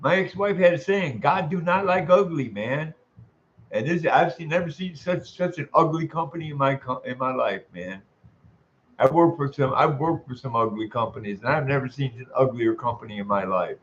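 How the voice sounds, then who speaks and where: A man's voice: medium pitch, moderate pace, fairly bright tone, muffled recording, a little hiss or hum. A man venting in an angry, profanity-laced monologue, exasperated and repeating himself. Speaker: vlogger.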